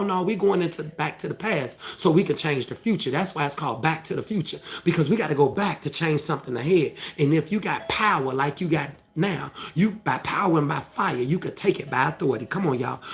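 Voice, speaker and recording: Brief: male preacher, higher voice, colloquial, emphatic sermon delivery with repetition. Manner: emphatic, often asks "right?" of the listeners; colloquial and repetitive, with rising, fervent passages.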